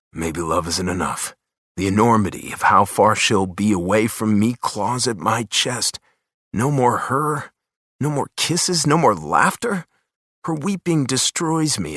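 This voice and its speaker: A man's voice: medium pitch, expressive, a little slow, fairly bright tone, dry recording, clean studio sound. Man narrating a romance audiobook intimately. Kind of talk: first-person romance narration.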